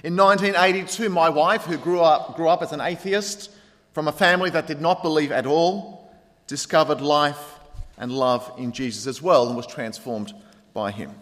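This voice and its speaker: A man preaching a sermon as pastor, earnest, pressing on points and then dropping quiet. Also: on the high side, moderate pace. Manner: earnest preaching with rising emphasis and quiet drops. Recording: long hall reverb.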